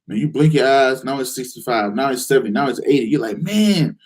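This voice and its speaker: A man hosting a live investing call-in show, answering viewers' questions in a direct, challenging way with lots of rhetorical questions. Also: quick pace. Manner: animated, acts out excited investors in a higher voice.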